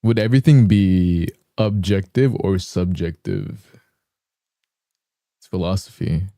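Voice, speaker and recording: A young adult man streams live, chatting easily and softly with his audience in an animated way at a slow pace. His deep, very dark voice is still a bit rough from the morning, and he keeps clearing his throat. Sound is close and dry, with no room sound.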